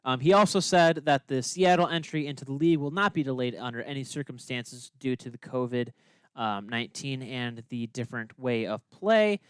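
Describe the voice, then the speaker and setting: A man's voice: mid-range voice, normal speed, clean tone, no room sound, studio quality. Young man reading sports news casually. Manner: exasperated, reads news with fillers. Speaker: podcast host.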